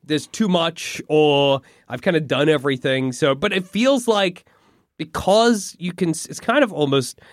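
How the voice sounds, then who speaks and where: A man's voice: a little high, unhurried, dry recording, studio quality. A man co-hosting a podcast in casual chat, laughing often and poking fun at himself. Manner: laughs often, animated, self-mocking. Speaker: podcast co-host.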